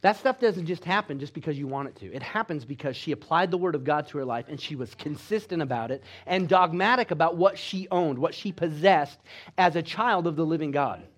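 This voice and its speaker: A man preaching a sermon with exhortations, swinging between loud emphatic lines and quiet low ones. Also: animated, a little fast. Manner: exhorting, with call-and-response asides. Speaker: pastor.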